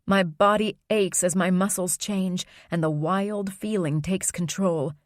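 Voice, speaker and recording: A woman reading a first-person audiobook in an even, measured narration. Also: lowish voice, no room sound, studio quality.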